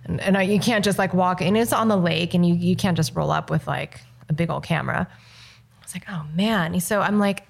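Woman telling a lively story. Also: lowish voice, fairly quick, vocal fry. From Los Angeles, United States. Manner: lively storyteller acting out quoted dialogue. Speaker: guest filmmaker. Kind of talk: casual interview storytelling.

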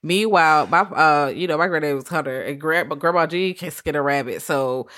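A woman hosting a casual podcast chat, telling stories in a blunt, profane, animated way. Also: low-pitched, fairly quick. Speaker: podcast host.

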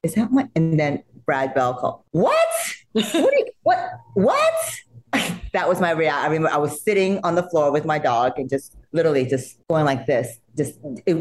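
A woman, not a native English speaker, telling stories as an interview guest, emotional and laughing often, acting out quotes in high excited voices. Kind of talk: animated storytelling in an interview.

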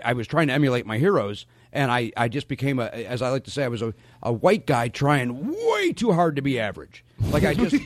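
A middle-aged man, a comedian guest, talking in quick, jokey, self-deprecating casual banter. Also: mid-range voice, no echo.

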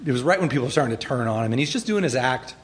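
A man's voice: mid-range voice, rapid-fire. A man in a casual conversation, telling stories and acting out other people's lines in a raised voice. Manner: animated, acts out quotes in a raised voice. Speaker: animated series co-creator guest.

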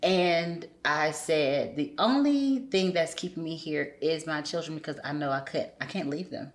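A woman, telling a personal story softly and acting out what others said. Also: low-pitched, normal speed. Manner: soft-spoken, quotes others in animated voices. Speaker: guest sharing her story.

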